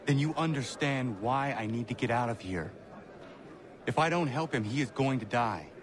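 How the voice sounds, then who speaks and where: An actor playing a stern, blunt young assassin stuck in prison, in a video game cutscene. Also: male voice, medium pitch, moderate pace, crowd noise, lightly acted. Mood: resolute. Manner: terse, blunt, steady.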